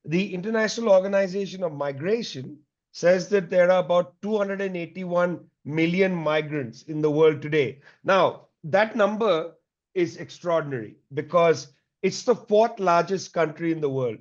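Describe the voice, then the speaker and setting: A middle-aged man from India, giving a measured, explanatory public talk as a guest speaker and peppering it with "you know". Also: sits high. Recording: dull lo-fi recording.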